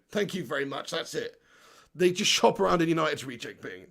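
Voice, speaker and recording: A man hosts a live stream, reading out viewer comments and ranting with animated energy and frequent laughter. His voice is strongly gravelly and sits fairly high for a man. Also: fairly quick. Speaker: host of a football fan channel.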